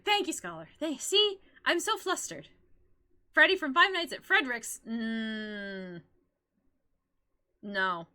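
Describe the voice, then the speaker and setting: A woman streaming live, chatting casually about her favorite characters in an excitable, giggly, rambling way, often breaking into squeals. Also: fairly high pitch.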